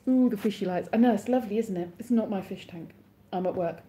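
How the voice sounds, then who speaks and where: A woman's voice: medium pitch, fast talker, mellow, a little hiss or hum. A woman in her thirties, chatting casually on a live stream and answering viewers' comments as they come in.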